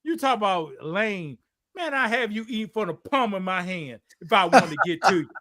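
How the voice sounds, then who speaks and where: Man, podcast co-host, very high voice, sharp and bright, confrontational, profane rant. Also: lively intonation, normal speed. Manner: confrontational, profane, taunting, often shouting. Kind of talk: heated streamed talk show rant.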